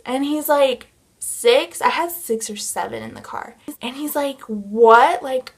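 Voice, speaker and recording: A woman's voice: high-pitched, a little slow. Chatty young woman telling a story. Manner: animated retelling with many filler words. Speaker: vlogger. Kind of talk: casual storytime.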